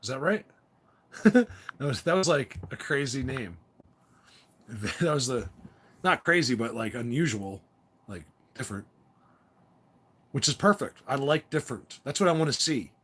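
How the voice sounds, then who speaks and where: Husky rambling man chatting to viewers. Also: medium pitch, expressive, unhurried, pauses often, fairly bright tone. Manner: rambling, laughs often, reads viewer comments. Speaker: livestream host. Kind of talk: casual livestream chat.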